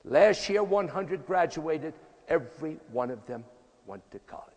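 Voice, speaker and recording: Speaking without hurry, a tennis coach in his eighties gives a punchy, emphatic, folksy motivational speech in a voice on the high side with lively intonation. The hall's reverb leaves it echoey.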